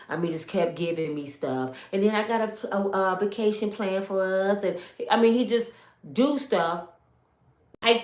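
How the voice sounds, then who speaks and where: A woman's voice: lowish voice, roomy sound. A woman from Michigan giving an emotional personal testimony, telling her story with animation and speaking straight to her viewers.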